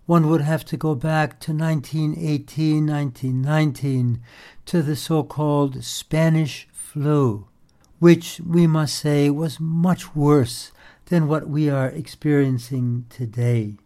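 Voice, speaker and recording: A man preaching a sermon, his voice mellow and a little higher than most men's. He speaks very slowly, and his words are measured and prayerful. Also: fairly even intonation.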